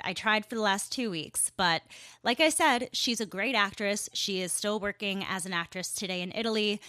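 A woman's voice: mid-range voice, dry recording. Chatty woman podcast host, dry sound. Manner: chatty and animated, laughs as she talks. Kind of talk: casual podcast storytelling.

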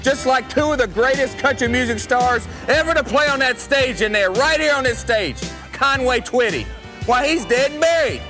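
A man's voice: very high voice, animated, moderate pace, bright, forceful tone, voice pushed up, exaggerated voice. A man playing a cocky, bragging country singer heel. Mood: boastful. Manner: brash, bragging, spells his own name. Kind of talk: wrestling promo vignette. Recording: archive clip with music bed.

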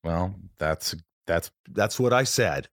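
A man's voice: deep voice, animated, slow pace, no room sound. Middle-aged guy from canada, jokey storyteller, voice swings all over, dry close sound. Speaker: podcast guest, actor. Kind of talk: casual chat.

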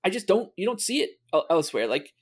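A man's voice: high voice, very animated, fast, husky. A man co-hosting a casual sports podcast, rambling with many fillers and restarts. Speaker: podcast co-host.

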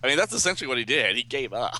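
A man co-hosting a podcast, joking and teasing in quick casual banter. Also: mid-range voice, sing-song, pushed and bright, slight background noise. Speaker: podcast co-host. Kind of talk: casual chat.

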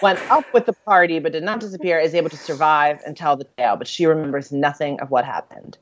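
A woman's voice: low-pitched, quick pace, slight background noise. A woman co-hosting a podcast in casual chat, summarizing a story in a rambling way with fillers and laughs. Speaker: podcast co-host. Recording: dull, lo-fi dry recording.

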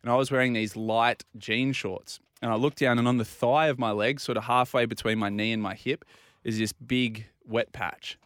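A man's voice: mid-range voice, steady tone, moderate pace, few pauses, fairly bright tone, smooth, no room sound, clean studio sound. An Australian man telling a self-deprecating story on a radio show in a casual, easygoing way. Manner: easygoing, self-deprecating, acts out quoted dialogue.

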